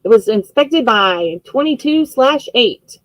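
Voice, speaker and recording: A woman hosting a live vintage auction stream, chatting casually as she describes each item, with frequent fillers and quick self-corrections. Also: fairly high pitch, animated, no echo, low-quality recording.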